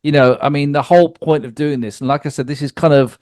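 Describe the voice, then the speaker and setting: A man's voice: fairly high pitch, steady tone, a little mellow. Encouraging man hosting a podcast. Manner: encouraging, fills in with quick acknowledgements. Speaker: podcast host. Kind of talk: casual interview.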